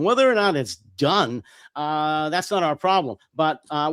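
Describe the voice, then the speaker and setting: A hoarse man in a heated political commentary, blunt and angry, swearing freely. His voice sits a little high for a man, and the sound is close and dry with no room around it. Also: no room sound. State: voice worn out. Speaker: co-host.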